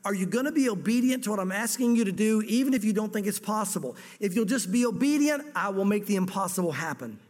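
Male pastor, high voice, lively storyteller, sermon recorded in a church hall with long reverb. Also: fast, few pauses. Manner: lively storytelling, dramatizing scripture dialogue.

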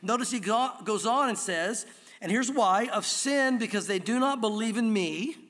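A man preaching a sermon as pastor, slowing down to stress key words from scripture. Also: high voice, fairly bright tone. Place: church sanctuary. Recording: long hall reverb.

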